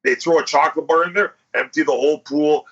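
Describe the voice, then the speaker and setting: A man with a husky, bright voice tells a crude story on a podcast, acting out what people said and swearing freely. He talks in a loose, animated chat style. The recording sounds dull and lo-fi. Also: fairly high pitch, fast talker. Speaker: podcast host.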